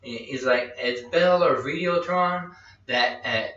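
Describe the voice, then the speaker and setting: A man tells a long personal story, stumbling over restarts and acting out what others said. His voice is bright and carries. It comes from a distance in a very echoey room through a dull, lo-fi mic. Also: mid-range voice, slow pace. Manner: rambling anecdote with quoted dialogue and restarts. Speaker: podcast host. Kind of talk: casual storytelling chat.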